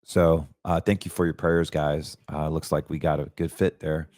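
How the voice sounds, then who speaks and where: Male podcast host, middle-aged, very low voice, dry close sound, candid and heartfelt. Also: flat delivery, normal speed, darkish tone, no room sound. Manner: emotional, candid, fervent about faith. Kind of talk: casual personal talk.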